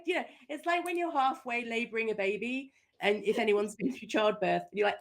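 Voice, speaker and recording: Brief: middle-aged woman coach, podcast guest, lively storyteller who acts out her quotes. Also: a little high, fairly quick, hardly any pauses. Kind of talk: podcast interview.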